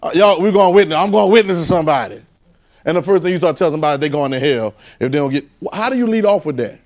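A man preaching a conversational sermon, animated and repetitive, firing rhetorical questions at his congregation. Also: a little high, very fast.

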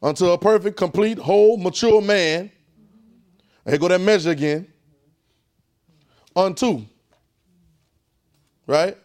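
A preacher with a somewhat high voice teaches a Bible class and draws spoken answers from the room. He hammers points through repetition and often sinks to a low, hushed voice for reverence. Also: slow pace, pauses often, clean tone. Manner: emphatic and repetitive, often dropping to a low, quiet voice. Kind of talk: call-and-response Bible teaching.

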